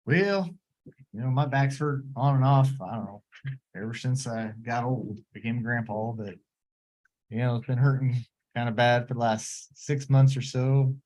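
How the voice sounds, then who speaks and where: A man's voice: mid-range voice, moderate pace, darkish tone, close to an everyday voice, poor audio. A man playing an easygoing, beer-loving grandpa with back pain, rambling with a put-on accent. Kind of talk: role-play of a patient's spoken history.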